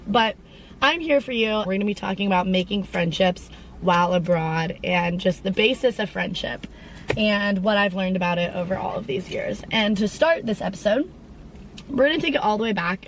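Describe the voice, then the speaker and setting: A woman's voice: medium pitch, normal speed, a little hiss or hum, low-quality recording. Chatty young woman rambling on tangents. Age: around 20. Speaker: podcast host. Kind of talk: casual chat.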